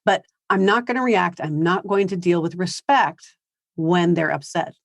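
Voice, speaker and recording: A woman's voice: on the low side, unhurried, gravelly, no room sound. A woman giving a parenting seminar in a conversational way, acting out what teens and parents say. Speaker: parenting speaker. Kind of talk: seminar talk. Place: high school seminar.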